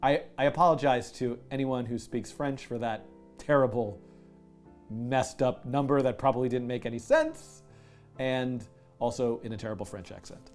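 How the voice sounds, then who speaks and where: A man hosting a live coding stream, chatting casually, animated and self-mocking, laughing often. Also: mid-range voice, moderate pace, soft background music. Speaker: livestream coding host. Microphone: headset with music in his ear.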